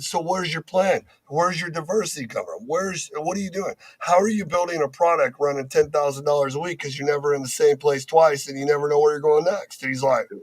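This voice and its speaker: A man with a voice a little higher than most. He works as a dispatcher and rambles bluntly through stories about callers, swearing as he goes, in a relaxed group chat. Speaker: dispatcher, co-host. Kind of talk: casual chat, storytelling.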